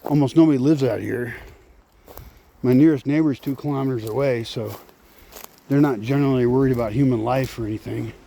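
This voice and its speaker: A man's voice: medium pitch, brisk, gravelly, warm tone, a little hiss or hum. A man vlogging outdoors on his rural land, talking casually and sardonically, swearing and muttering to himself. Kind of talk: casual walking vlog.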